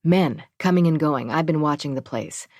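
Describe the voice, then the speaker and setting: A woman's voice: sits low, normal speed, darkish tone, dry recording, studio quality. A woman as a blunt, determined mother. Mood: insistent. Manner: blunt, insistent. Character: determined mother searching for her daughter.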